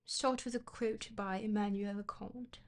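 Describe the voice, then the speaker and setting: A woman reads a book aloud for her livestream chat, stopping often to ramble playfully. She trips over words and corrects herself as she goes, and her voice sits at an ordinary middle pitch. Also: fairly even intonation, measured pace. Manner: rambling and playful, with frequent fillers and self-corrections. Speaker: streamer. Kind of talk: reading a book aloud on a livestream, chatting between passages.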